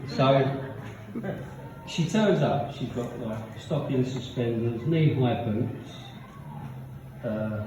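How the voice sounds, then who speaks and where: Speaking slowly and pausing often in a mid-range voice, this comedian works a live crowd at a comedy pub, acting out characters in his punchy jokes. Background noise runs under a recording that sounds roomy, distant and dull.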